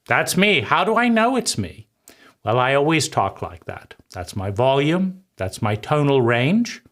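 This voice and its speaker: Guy giving a thoughtful talk, chatty, answers his own questions, keeps saying right?, mid-pitched voice. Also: very animated, a little slow, fairly bright tone. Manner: conversational, keeps asking "right?"; poses rhetorical questions and answers them. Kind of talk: reflective spoken lecture.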